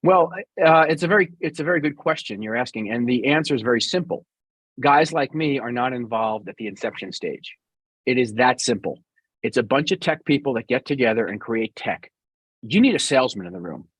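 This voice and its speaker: A man's voice: medium pitch, expressive, brisk, fairly bright tone, husky, no echo. A middle-aged man with a New York accent, answering interview questions bluntly and sarcastically as a business guest.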